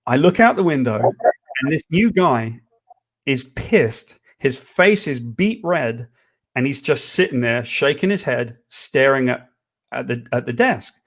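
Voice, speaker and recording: A man co-hosting a casual chat, telling a long story with lively, profane energy. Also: mid-range voice, unhurried. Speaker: co-host.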